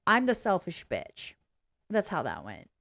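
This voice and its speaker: A woman's voice: lowish voice, huge pitch swings, measured pace, creaky, fairly bright tone. A woman vlogging casually in a blunt, candid way, swearing freely, rambling and restarting as she talks. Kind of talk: casual reaction vlog.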